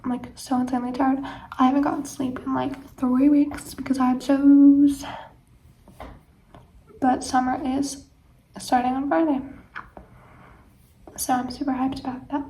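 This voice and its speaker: A woman's voice: high-pitched, flat delivery, a little slow, pauses often, mellow, a little hiss or hum. A teenage girl vlogging late at night, tired, rambling with lots of fillers and often dropping to a whisper. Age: teens. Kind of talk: late-night casual chat to camera.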